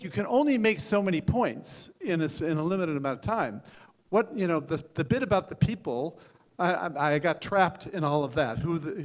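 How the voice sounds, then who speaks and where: An older man, a venture capitalist, giving frank, joking feedback on startup pitches, with many restarts and fillers. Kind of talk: live pitch coaching. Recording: hall reverb.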